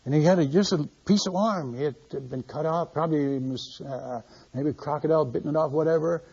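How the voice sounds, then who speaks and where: A man's voice: a little high, brisk, gravelly, darkish tone, breathy edge. An older man, a missionary preacher, telling a story in a sermon. He speaks animatedly, repeats words and acts out the dialogue. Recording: muffled lo-fi recording.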